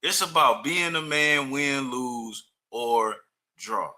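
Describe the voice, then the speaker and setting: A man hosts a reaction video, breaking in to comment on a story. His voice is very bright and sharp. He talks in emphatic, profane street slang. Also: mid-range voice, slow.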